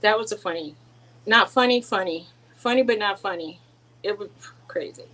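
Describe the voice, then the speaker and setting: A woman's voice: medium pitch, moderate pace, poor audio. A middle-aged woman co-hosts a casual chat and rambles through stories about her husband and home. She restarts sentences often and laughs along the way. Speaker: co-host.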